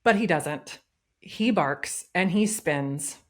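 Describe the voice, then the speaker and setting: A woman with a slightly low voice tells a story as a podcast guest. Her delivery is casual and lively, and she often slips into acting out what people said. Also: takes it slowly.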